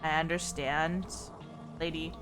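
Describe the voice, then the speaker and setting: A woman's voice: deep voice, level tone, slow. A young woman streamer reading a game's story aloud and adding playful, laughing remarks. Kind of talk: reading a game aloud with casual commentary. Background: game music.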